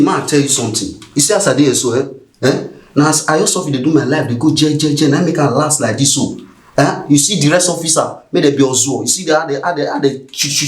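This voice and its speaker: A man's voice: on the high side, echoey room, close to an everyday voice. A Nigerian man playing a corrupt, cynical police officer, scornfully lecturing a junior in Pidgin. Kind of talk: film acting.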